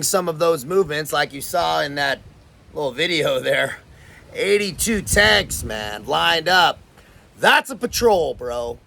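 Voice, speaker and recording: Man, Californian accent, gravelly, slightly high voice, laid-back slangy storytelling. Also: sharp tone, slight background noise. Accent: Californian American. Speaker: host. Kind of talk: casual storytelling.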